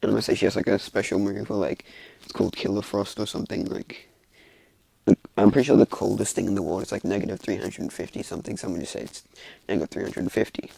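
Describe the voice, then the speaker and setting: Casual male storyteller, deep-ish and very gravelly, husky, rambling with constant fillers. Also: flat delivery, quick pace, warm tone, dry recording. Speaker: fan fiction storyteller.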